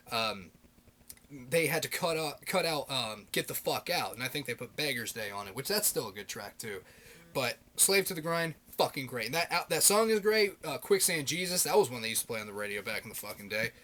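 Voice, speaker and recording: A married man vlogging about his favorite metal albums, swearing constantly in an animated, ranting way. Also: mid-range voice. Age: adult, married. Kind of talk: casual rant.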